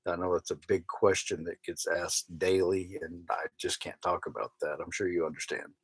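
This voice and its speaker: A man's voice: deep voice, steady tone, moderate pace, breathy edge, no room sound, rough recording. Wry man on a dry mic. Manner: wry, drawling, reads comments aloud with mock outrage. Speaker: vlogger reading viewer comments. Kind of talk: casual live-stream chat. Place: small cabin of a sailboat at night.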